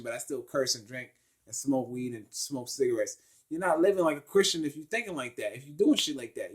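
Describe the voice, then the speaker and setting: A man's voice: a little high, husky. Blunt, profane man preaching casually. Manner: emphatic, rising to loud outbursts. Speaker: spiritual vlogger. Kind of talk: casual spoken monologue.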